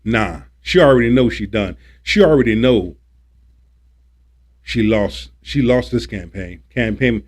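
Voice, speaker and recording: Somewhat slow and animated, this livestreamer's lowish voice carries a political rant that's preachy, emphatic and full of repetition. When he gets agitated, he starts swearing.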